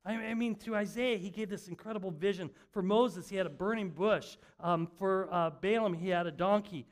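Older guy pastor, high voice, chatty sermon, lots of stumbling restarts, pokes fun at himself. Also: normal speed. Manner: conversational, self-mocking storytelling with frequent restarts. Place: church sanctuary.

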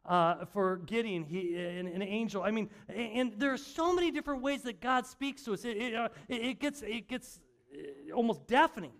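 An older male pastor with a high voice preaches in a church. He talks like he is chatting with friends, pokes fun at himself, and trips over his words as he restarts sentences. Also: lively intonation, moderate pace, vocal fry, hardly any pauses. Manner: conversational, self-mocking storytelling with frequent restarts. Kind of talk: sermon. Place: church sanctuary.

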